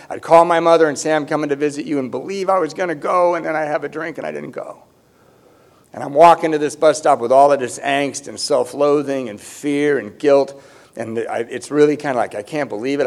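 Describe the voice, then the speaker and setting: A man's voice: medium pitch, gravelly, darkish tone. A middle-aged man telling his recovery story with humor, candid and self-deprecating. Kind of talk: personal testimony with humor.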